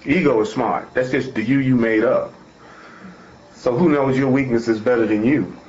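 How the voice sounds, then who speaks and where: A man's voice: mid-range voice, steady tone, normal speed, darkish tone. A man giving an informal spiritual talk, reading from a text and explaining it with emphatic repetition and folksy phrasing. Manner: emphatic and repetitive, restating each point. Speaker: spiritual teacher. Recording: echoey room, dull lo-fi sound.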